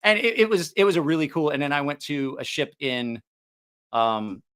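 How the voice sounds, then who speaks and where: Man, livestream host, joking and teasing, laughs a lot, bright forceful voice. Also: fairly high pitch, big pitch swings, moderate pace, smooth. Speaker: knife channel host. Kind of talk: casual livestream chat.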